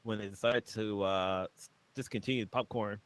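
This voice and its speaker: A man's voice: fairly low pitch, steady tone, normal speed, smooth. A man co-hosting a casual livestream chat, wry and chuckling, reading facts aloud from a website.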